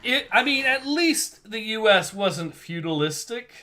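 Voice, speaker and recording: A male livestream host talking casually between pages of a comic, reading out viewer comments with a jokey, rambling manner. His voice sits a little high and sounds bright and forward. He laughs easily and keeps the chat loose. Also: very animated, a little slow. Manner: chatty, laughs often, reads chat aloud.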